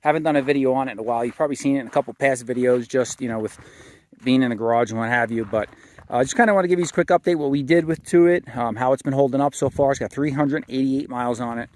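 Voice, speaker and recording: A man's voice: mid-range voice, fast, a little mellow. A married man hosting his own channel, talking casually and rambling a bit, with fillers and restarts. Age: adult, married with a son. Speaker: channel host. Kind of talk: casual walkaround vlog.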